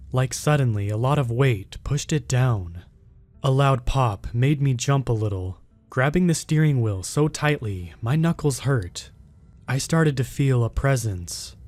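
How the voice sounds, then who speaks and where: A man reading a first-person scary story aloud in a steady, measured way. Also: mid-range voice. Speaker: horror story narrator.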